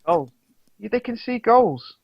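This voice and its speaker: A man's voice: extremely high pitch, expressive, measured pace, slightly rough, dry recording. A man co-hosting a sports podcast, talking casually, with many restarts and fillers. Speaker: podcast co-host. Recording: dull lo-fi dry sound.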